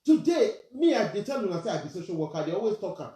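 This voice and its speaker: Racing along in a mellow, mid-range voice with big pitch swings, a Nigerian woman rants in an angry vlog. A social media commentator, she's indignant, fires off rhetorical questions and slips between Pidgin and plain English, and the sound is roomy.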